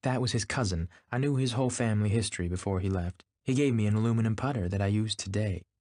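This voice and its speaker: A man's voice: on the low side, fast, a little mellow, dry recording, studio quality, lightly acted. A man voicing a cool, languid young woman who talks in an offhand drawl.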